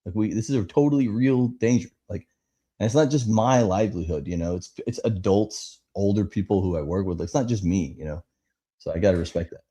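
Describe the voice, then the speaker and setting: A man co-hosting a live podcast, telling stories in a rambling, animated way full of fillers. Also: lowish voice, a little fast, husky. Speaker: podcast co-host. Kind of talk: casual chat.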